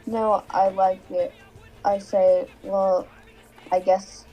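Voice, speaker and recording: Woman guest reader, flat and mellow, halting delivery, faint music behind. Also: mid-range voice, rough recording. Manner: halting, stumbling reading. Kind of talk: reading fanfic aloud.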